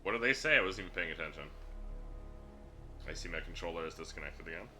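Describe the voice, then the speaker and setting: Brief: lower-voiced male streamer, rambling and crude, game music underneath. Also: lively intonation, fast talker. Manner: rambling, crude, filler-heavy. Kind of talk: casual gaming stream chat.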